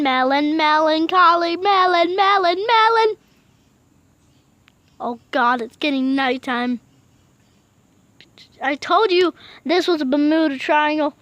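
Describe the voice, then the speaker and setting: A young woman commenting on a video game with excitable, panicky yelling. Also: high-pitched, dry recording. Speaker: gaming video host. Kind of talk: let's play commentary.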